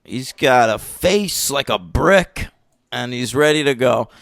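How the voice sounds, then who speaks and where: A man co-hosting a film podcast, chatting casually about movies, animated and often laughing, with plenty of fillers. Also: mid-range voice, slow pace, creaky, dry recording, clean studio sound. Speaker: podcast co-host. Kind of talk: casual film review chat.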